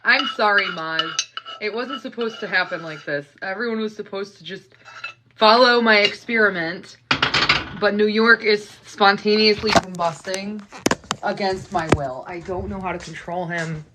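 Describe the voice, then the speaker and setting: The recording is very noisy as a woman from Canada cooks and live-streams from her kitchen, making casual conversation with viewers and scolding them playfully. She talks at a normal speed with a medium-pitched voice.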